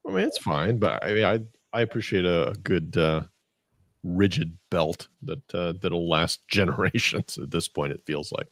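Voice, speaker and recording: Male podcast co-host, low voice, dry close studio sound, teasing banter. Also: fairly bright tone, no room sound. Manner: teasing, drawn-out hesitations. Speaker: co-host, economic news segment. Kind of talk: casual podcast banter and read news.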